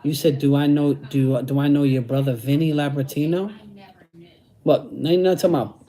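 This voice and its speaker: A man's voice: on the high side, fairly even intonation, normal speed, dark tone. A middle-aged man chatting casually on a livestream, using street slang and repeating phrases. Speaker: host reading live chat.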